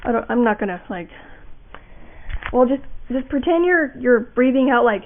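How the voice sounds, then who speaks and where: Through a thin-sounding lo-fi home mic, a young woman with a fairly high voice speaks briskly. She's making a relaxed voice acting tutorial, meandering with fillers and starting over often.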